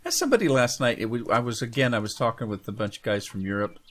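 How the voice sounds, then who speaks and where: A man's voice: medium pitch, very animated, fast talker. A man from Washington State with a slight Minnesota-tinged Northwest accent, rambling folksy commentary while playing a farming game. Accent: Pacific Northwest US with Minnesota traces. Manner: rambling, folksy, trails off quietly. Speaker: gaming channel host. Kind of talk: casual let's-play commentary.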